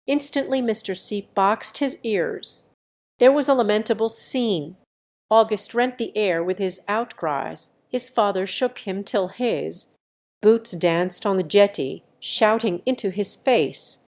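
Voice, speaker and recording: Female audiobook narrator, unhurried and even, middle pitch; plain literary reading. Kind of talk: scripted narration.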